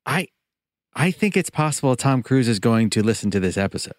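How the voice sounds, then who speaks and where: Deadpan man reading podcast credits. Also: medium pitch, fairly quick, dry recording, clean studio sound. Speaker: podcast host and producer.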